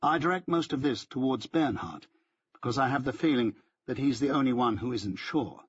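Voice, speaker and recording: Husky-voiced man narrating an audiobook. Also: medium pitch, animated, normal speed, dry recording, muffled recording. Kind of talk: scripted first-person audiobook narration.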